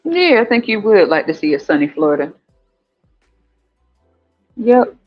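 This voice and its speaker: Profane, laughing man with country twang. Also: slow pace. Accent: American country. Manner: animated, profane, laughs often, jumps into high squeals. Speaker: podcast host. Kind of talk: casual livestream chat with viewers. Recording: dull lo-fi audio with faint music.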